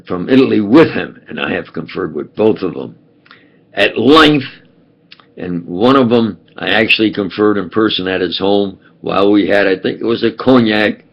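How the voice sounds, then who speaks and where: An older man with a New York accent, talking in a halting, wandering monologue full of fillers and restarts. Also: lowish voice, vocal fry, lo-fi sound. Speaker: video blogger. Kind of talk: rambling monologue.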